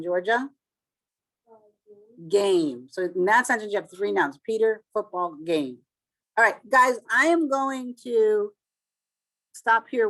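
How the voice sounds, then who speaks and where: Woman, teacher, casual classroom talk, chatty, calls on students, mid pitch. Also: a bit bright.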